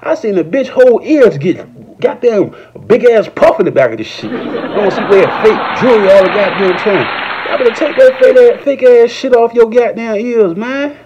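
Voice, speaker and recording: A man tells a rambling, profane comedy rant in a high, lively voice that leaps up whenever he acts out a quote. A noisy crowd and general din surround him, and the sound is muffled. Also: normal speed. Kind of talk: stand-up style comedy rant.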